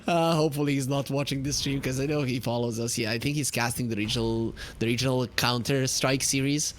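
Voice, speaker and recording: Brief: male esports play-by-play caster, mid pitch, voice spikes up in big plays, faint hiss behind. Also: fairly quick. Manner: pitch climbs sharply in exciting plays. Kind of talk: play-by-play commentary.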